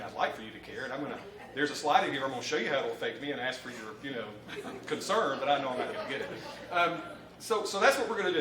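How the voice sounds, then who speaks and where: Folksy Southern man presenting to a room. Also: fairly high pitch. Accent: Southern American. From Alabama, USA. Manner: folksy, animated storyteller, laughing often. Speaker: mortgage lender, presenter. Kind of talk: live training presentation with anecdote. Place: conference room with live audience. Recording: roomy hall, distant mic, ambience.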